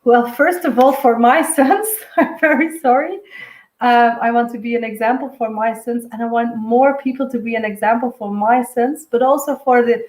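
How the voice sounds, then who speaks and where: A woman with a Dutch accent, a native Dutch speaker, giving a live spiritual reading in a dreamy, halting way with many fillers. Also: a little high, steady tone, reverberant, poor audio. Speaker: intuitive medium giving a weekly reading. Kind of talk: live-streamed spiritual reading, casual chat.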